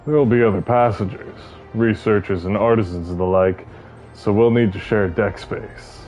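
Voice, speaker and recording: A man voicing a male traveler in a deliberately low, sultry tone while streaming a game. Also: a little mellow, highs cut off, faint music behind, natural voice. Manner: low and breathy, trying to sound sultry.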